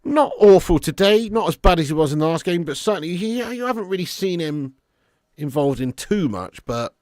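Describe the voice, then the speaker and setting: A man's voice: fairly high pitch, animated, moderate pace, darkish tone, dry recording, studio quality. A man hosting a live football watch-along, chatting casually with his viewers and swearing freely. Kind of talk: live stream commentary and chat.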